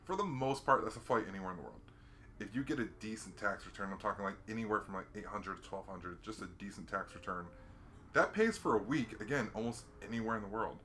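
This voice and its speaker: A man's voice: fairly low pitch, fast talker, slight background noise. An American man in casual chat, telling travel stories and acting out quotes with bursts of laughter. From United States. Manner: animated storyteller who acts out quotes with sudden loud laughs.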